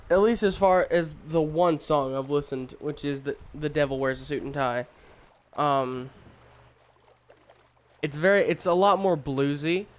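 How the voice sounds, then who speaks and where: A man's voice: on the high side, smooth. A tired young man streaming a game, chatting in a rambling, opinionated way with lots of fillers and restarts. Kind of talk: casual chat while gaming.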